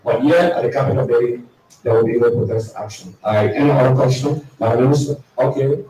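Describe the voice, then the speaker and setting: A man addresses a press briefing in a warm, mellow voice. He is emphatic, repeats his points, and fills pauses with uh. He is recorded from a distance in a very echoey room. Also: mid-range voice, slight background noise. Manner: emphatic, repeats key points, many uh fillers.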